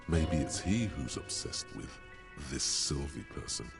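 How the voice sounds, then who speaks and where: Super deep gravelly inner voice, dry wry narration, music playing behind. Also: male voice, animated, measured pace, heavily acted. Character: ominous inner voice of a male detective. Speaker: game narrator. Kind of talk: scripted narration. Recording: game audio over music.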